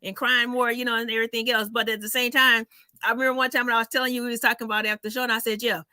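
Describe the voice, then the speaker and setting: A woman comedian telling stories in a casual chat, animated and salty, acting out the people in them. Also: a little high, rapid-fire, no room sound. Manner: animated storyteller, acts out voices, swears freely.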